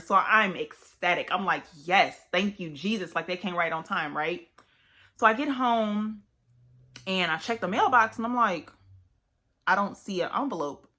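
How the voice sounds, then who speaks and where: A young woman telling a story to her vlog viewers in casual, animated chat full of fillers. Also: on the low side. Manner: animated, chatty, many fillers. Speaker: vlogger.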